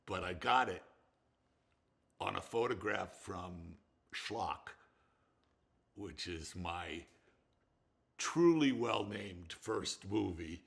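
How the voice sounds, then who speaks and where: A man's voice: low-pitched, expressive, very slow, gravelly, long pauses, fairly bright tone, husky. An older man, a film director, telling rambling stories in an interview with frequent restarts and some swearing. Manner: rambling, profane, with restarts and laughter. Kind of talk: reminiscing interview.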